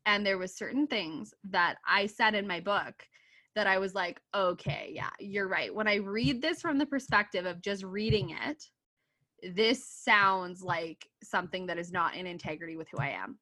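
A woman in her twenties from Canada, a coach and author talking as a podcast guest, animated, laughing often and swearing freely as she acts out her own quotes. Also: medium pitch, normal speed. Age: 20s. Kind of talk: casual podcast interview.

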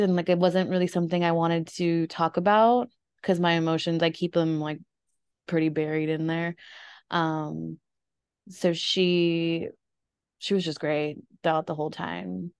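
A woman's voice: lowish voice, smooth, no room sound, clean studio sound. A young woman hosting a casual podcast conversation, rambling with fillers and nervous laughs. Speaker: podcast host. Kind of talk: casual conversation about grief.

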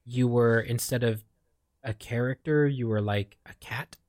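In a medium-pitched, slightly mellow voice, a little on the slow side, a young adult Filipino streamer and podcast co-host chats loosely. He keeps restarting and leaning on fillers, and the dead-dry mic picks up no room sound.

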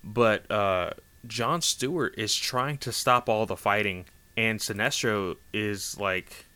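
A man casually recapping a story in a rambling, animated way, full of fillers. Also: fairly low pitch, slow, clean tone. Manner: rambling, animated, lots of "like" and "you know". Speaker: comic book recap host.

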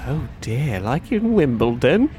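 A man voicing a chatty, doting old woman in an improvised comic role-play, with a breathy, wavering voice. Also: medium pitch, big pitch swings, a little slow, mellow, a little hiss or hum.

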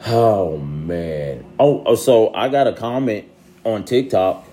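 A young man talking casually to his followers in a loose, slangy way that sometimes climbs into loud, exasperated ranting. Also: low voice, slow, slight background noise. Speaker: social media creator. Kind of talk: casual vlog monologue.

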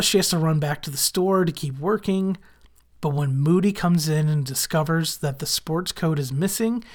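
A man hosting a podcast, casually recapping a TV episode with wry asides and frequent pauses of "uh". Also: fairly high pitch. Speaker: podcast host.

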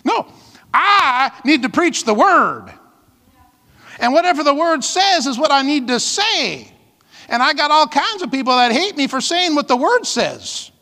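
A man's voice: extremely high pitch, very animated, a little slow, bright, forceful tone. A man pastor preaching a sermon with emphatic, fiery delivery and call-outs to the congregation. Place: church hall. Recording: long reverb of a large hall.

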